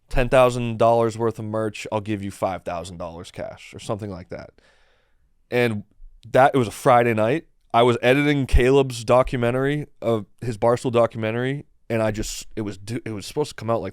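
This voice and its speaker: Young male podcast guest, casual rambling storyteller, self-deprecating, smooth clear voice, dry close sound. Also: lowish voice, no room sound.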